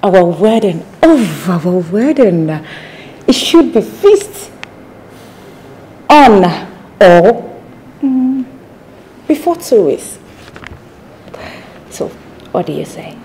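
An actress with a Nigerian accent playing a woman who talks slowly and teasingly and then shrieks in outrage. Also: mid-range voice, very animated, mellow, slight background noise, poor audio. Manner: slow, sing-song and teasing, then shrieking. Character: newly engaged woman, fond then outraged.

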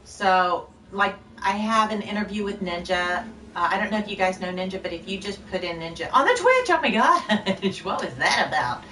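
A woman's voice: mid-range voice, sing-song, brisk, bright, forceful tone, reverberant, distant mic, a little hiss or hum. A woman streaming a game live, chatting loosely with viewers in a scattered, rambling way, short on sleep. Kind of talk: casual live-stream chat while gaming.

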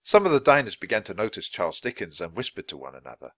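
A man reads a children's storybook aloud for English learners, clear and expressive. His low voice is bright and gravelly with a lively lilt, recorded close in a dry space. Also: fast talker, no room sound. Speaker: storybook reader.

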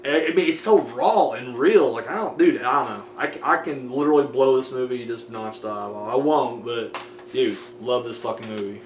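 A young man talking about his movie collection in a loose, excitable ramble, swearing a lot and piling up fillers. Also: medium pitch, moderate pace, distant mic, slight background noise. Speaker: DVD collection vlogger. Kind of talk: casual profane movie chat. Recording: roomy audio from a camera mic set back.

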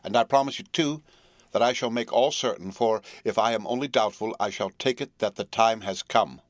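A man voicing a rough but loyal man who solemnly swears an oath, in a storybook reading. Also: fairly low pitch, normal speed, no echo, close to an everyday voice. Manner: solemn and earnest.

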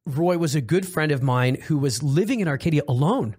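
Male podcast host and comedian, enthusiastic, casual, slightly high voice. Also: animated, brisk, darkish tone, husky.

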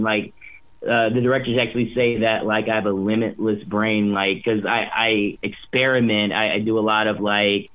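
A man's voice: medium pitch, fairly bright tone, low-quality recording. Upbeat young man with many restarts. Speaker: voice actor guest. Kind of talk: casual interview chat.

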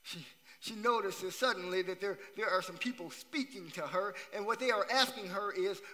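Man, pastor, sermon, repetitive emphatic phrasing, high voice, long sanctuary echo. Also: moderate pace, pushed and bright. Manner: repeats phrases for emphasis, asks the congregation questions. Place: church sanctuary. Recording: long church hall reverb.

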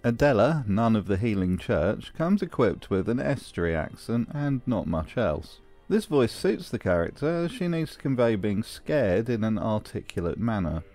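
A man's voice: fairly low pitch, very animated, normal speed, few pauses, a little mellow, soft background music. A man giving wry, scripted commentary on a video game. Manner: dry, wry. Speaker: video essayist.

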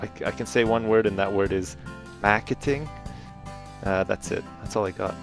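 A man's voice: fairly low pitch, level tone, fast talker, gravelly. A man co-hosting a casual gaming video, sarcastic and teasing, often laughing. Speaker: co-host Minecraft let's play. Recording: dry close mic with faint music.

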